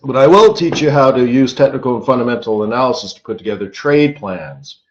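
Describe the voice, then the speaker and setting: A man's voice: medium pitch, animated, slight background noise. Man, forex stream host, casual rambling teacher, tired, echoey dull-sounding room. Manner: chatty and rambling, with quick rote disclaimers. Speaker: forex market strategist hosting a live trading stream.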